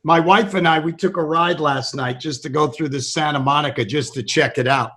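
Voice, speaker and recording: A male comedian hosts a relaxed chat with friends. His voice is high and bright, and he tells stories emphatically, laughing easily between lines. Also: brisk. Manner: laughs often, emphatic storytelling. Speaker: podcast host, comedian. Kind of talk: casual chat.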